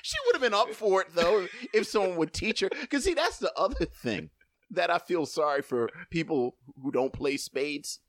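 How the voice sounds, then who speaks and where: A man talks in loose, slangy banter, his pitch leaping around as he jokes and riffs. The sound is dry and close, with no room around it. He comes across as a lively co-host. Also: moderate pace, no echo. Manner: animated, joking, slangy. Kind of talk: casual banter.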